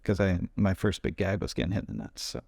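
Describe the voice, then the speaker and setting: A man who works as a stuntman, telling lively anecdotes in a casual interview and acting out what people said. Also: sits low, quick pace, vocal fry, no echo, clean studio sound. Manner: animated anecdotes, acts out quoted voices. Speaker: stuntman guest.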